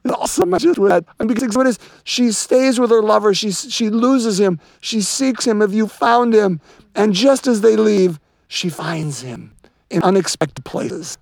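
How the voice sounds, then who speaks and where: A man's voice: high voice, moderate pace, creaky, a little mellow, no room sound. A man hosting a religious podcast, talking earnestly with many restarts and then leading a spoken prayer. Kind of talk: reflective religious chat and rosary prayer.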